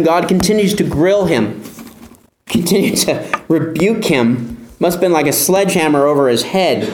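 Male pastor, sermon, emphatic rhetorical questions, high voice, roomy echo. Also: a little mellow, a little hiss or hum.

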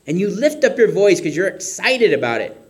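A man preaching a sermon, expressive, acting out shouts and whispers. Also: sits high, fairly quick.

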